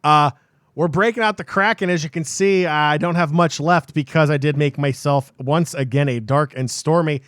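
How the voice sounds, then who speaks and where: A man's voice: a little high, moderate pace, fairly bright tone, smooth, no echo, clean studio sound. A man co-hosting a gaming podcast, teasing his partner playfully and hyping up segments. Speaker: podcast co-host. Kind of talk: casual gaming podcast chat.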